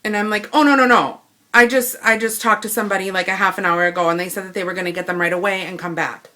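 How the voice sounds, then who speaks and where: Bright-voiced Midwestern woman ranting. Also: medium pitch, quick pace. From Wisconsin. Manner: animated retelling, acting out both sides of the dialogue. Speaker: vlogger. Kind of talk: ranting story to camera.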